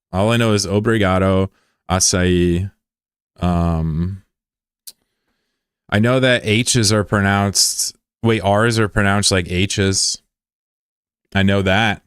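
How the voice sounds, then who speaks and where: A young man streams a game and chats with viewers in a joking, sarcastic, rambling way. His voice sits very low, and the sound is dry and close to the mic. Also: fairly bright tone, clear, resonant tone, no room sound. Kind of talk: casual livestream chat.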